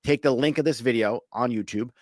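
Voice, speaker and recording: A man's voice: mid-range voice, fairly quick, no room sound, clean studio sound. A man hosting a podcast, talking business in a blunt, casual way and swearing now and then. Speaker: podcast host.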